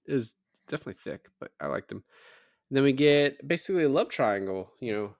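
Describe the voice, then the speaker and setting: A man's voice: mid-range voice, animated, fast talker, vocal fry, no room sound. Dry-voiced man recapping a movie casually. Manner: recaps plot loosely, jokes and mock-quotes characters. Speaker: podcast co-host. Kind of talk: casual movie review chat.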